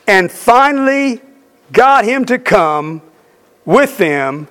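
Man, middle-aged, preacher, high voice, emphatic storytelling sermon. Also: very animated, slow, fairly bright tone, smooth. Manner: storytelling, emphatic with repeated phrases.

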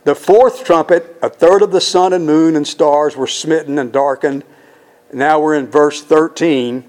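A man's voice: fairly high pitch, fairly even intonation, unhurried, darkish tone. A man teaching the Bible verse by verse in an emphatic, conversational way, often putting questions to his listeners.

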